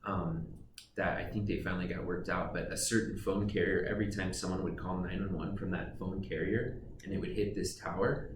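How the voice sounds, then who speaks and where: A man's voice: sits low, fairly even intonation, a little fast. A man, a guest dispatcher, explaining casually on a podcast with fillers and dry jokes. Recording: roomy, distant mic with background noise.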